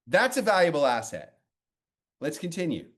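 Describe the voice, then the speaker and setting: A man with a fairly high voice coaches a guest on how to use her TV clips. He is blunt and animated and drops casual swear words into a long story about his past. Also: normal speed. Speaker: media coach.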